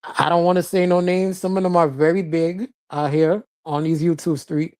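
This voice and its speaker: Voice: mid-range voice, fairly even intonation, moderate pace, a little mellow, clear, resonant tone. A live-stream host from Florida talking loosely and bluntly, laughing often and answering chat. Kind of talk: casual live-stream commentary, reading chat. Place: lives in Florida.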